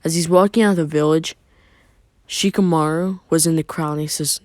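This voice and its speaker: A man's voice: on the high side, fairly even intonation, a little fast, no room sound. A man narrating a fan story in a plain, loosely improvised way with filler asides.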